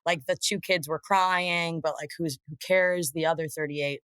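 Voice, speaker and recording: Emphatic woman guest, low voice. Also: fairly even intonation, a bit bright, clean tone, no room sound. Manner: emphatic, quick, laughs often. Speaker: podcast guest. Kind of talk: casual chat.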